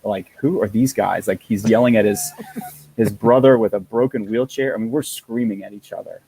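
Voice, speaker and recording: A man in his thirties with a somewhat low voice recounts a hard race as a guest in conversation. He speaks earnestly, stopping and restarting, leaning on fillers as he gathers his thoughts. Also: steady tone, moderate pace, dark tone, a little hiss or hum, low-quality recording. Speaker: endurance athlete guest. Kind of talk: personal storytelling in conversation.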